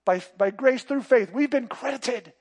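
A middle-aged man preaches with a notably high voice. He drops to soft, close passages, then climbs into loud, emphatic declarations. It is a pastor's sermon, delivered with conviction. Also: unhurried, husky.

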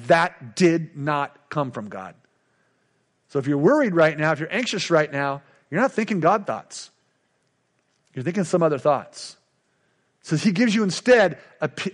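A middle-aged male pastor preaching a sermon with emphatic, repetitive call-and-response lines. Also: high voice.

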